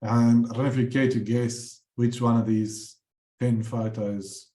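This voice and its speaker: A man's voice: medium pitch, level tone, measured pace, dark tone, echoey room. A man presenting his bird paintings, telling rambling anecdotes with many fillers and restarts. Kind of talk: casual storytelling talk.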